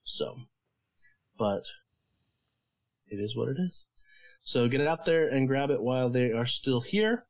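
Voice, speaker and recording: A male podcast co-host with a mid-range voice, speaking in a casual, halting way. He fills his pauses with lots of ums and uhs as he explains things. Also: mid-range voice, expressive, low-quality recording. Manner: hesitant, full of fillers.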